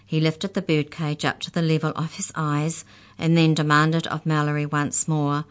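A woman reading a children's story aloud as storyteller, in an expressive, clear manner. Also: low voice, moderate pace.

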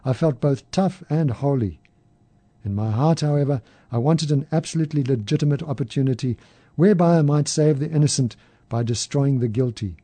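A man reading a first-person story aloud in a measured, even way. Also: mid-range voice, breathy edge, dry recording. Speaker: narrator.

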